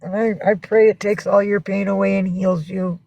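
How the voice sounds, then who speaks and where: A woman's voice: mid-range voice, flat delivery, moderate pace, vocal fry, warm tone, no echo, rough recording. A woman hosting a casual livestream from home, rambling and swearing as she greets viewers and coaxes her cats. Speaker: livestream host.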